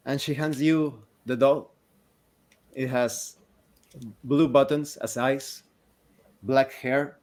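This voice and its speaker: A man narrating a tabletop game as game master in a slow, deliberate way. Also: medium pitch, steady tone, a little mellow.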